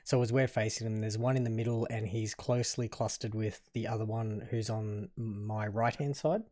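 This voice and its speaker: A man's voice: on the low side, fairly even intonation, moderate pace, a little mellow. A man playing in a tabletop game, chatting casually and apologetically with the game master. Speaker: player.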